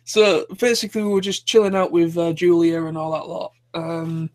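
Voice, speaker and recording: A man's voice: a little high, steady tone, moderate pace. A man hosting a live stream, chatting casually and rambling with many restarts. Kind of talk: casual chat.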